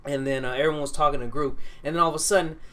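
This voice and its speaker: A man co-hosting a casual podcast, telling an animated story with frequent giggles. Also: on the high side, very fast. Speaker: podcast co-host.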